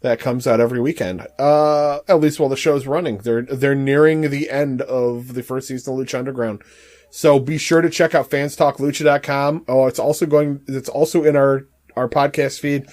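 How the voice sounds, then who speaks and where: A man's voice: medium pitch, steady tone, moderate pace, a little mellow. Laid-back male podcast co-host. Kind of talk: casual wrestling chat.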